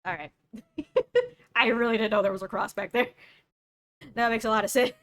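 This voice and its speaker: A woman's voice: a little high, wildly swooping pitch, normal speed, fairly bright tone. Joking young woman streamer. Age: young adult. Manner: joking, sarcastic asides. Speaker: streamer reacting to a video. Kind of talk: casual reaction commentary.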